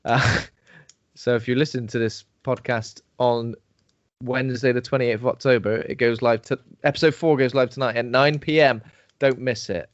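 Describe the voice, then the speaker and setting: A man's voice: mid-range voice, steady tone, normal speed, no room sound. A man co-hosting a podcast in casual chat, joking and laughing often. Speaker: podcast co-host. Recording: dull, dry lo-fi podcast recording.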